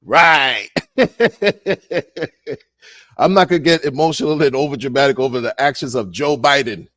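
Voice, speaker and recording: A man ranting in a casual monologue, animated and sarcastic, repeating words and laughing often. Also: mid-range voice, unhurried. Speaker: crypto commentator.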